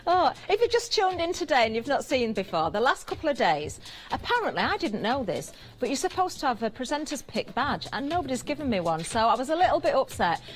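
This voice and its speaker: A British woman presenting on a live TV shopping channel, chatty and giggly as she banters with the crew, her voice slightly hoarse. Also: sits high, sing-song, a little fast. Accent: British English. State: slightly hoarse, throat catching.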